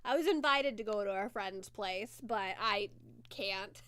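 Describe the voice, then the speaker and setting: A woman's voice: mid-range voice, animated, a little slow, a bit bright, a little hiss or hum. A woman streamer chatting casually through a movie watchalong, laughing often and swearing offhandedly.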